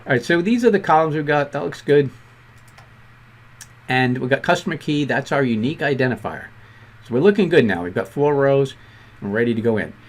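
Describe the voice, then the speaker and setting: A man with a Boston accent teaching a programming lesson, talking quickly and conversationally with self-deprecating asides. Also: mid-range voice, animated. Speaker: programming instructor. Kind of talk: screen-recorded coding tutorial.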